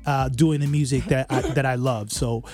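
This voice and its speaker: A man from Canada, a musician guest in a radio studio, talking in a relaxed, rambling way with lots of fillers. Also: mid-range voice, moderate pace, a crowd in the background. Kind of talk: casual radio interview.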